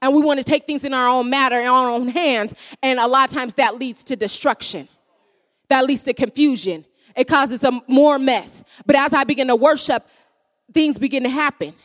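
Woman, preacher, sermon, high-pitched, earnest, emphatic repetition, long hall reverb. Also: normal speed, fairly bright tone. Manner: earnest, repeats phrases for emphasis.

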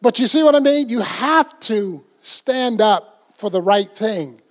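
A man's voice: high-pitched, expressive, measured pace. An older man preaching a folksy, conversational sermon, acting out little scenes as he goes. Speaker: pastor.

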